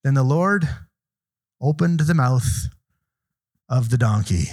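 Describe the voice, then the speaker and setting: A man's voice: mid-range voice, animated, takes it slowly, a little mellow. A man preaching a sermon, reading Bible verses aloud and explaining them with asides and questions to the congregation.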